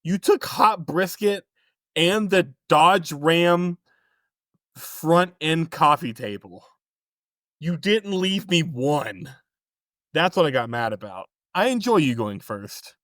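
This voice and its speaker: A man's voice: fairly high pitch, expressive, slow pace, a bit bright, no room sound, clean studio sound. A man co-hosting a movie podcast in casual chat, with a blunt, teasing manner. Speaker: podcast co-host.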